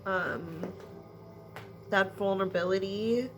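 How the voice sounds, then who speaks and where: Slow, halting woman giving an energy reading. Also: lowish voice. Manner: slow, halting, with sighs and apologetic asides. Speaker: intuitive energy reader. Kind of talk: spiritual energy reading to viewers. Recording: noisy background ambience.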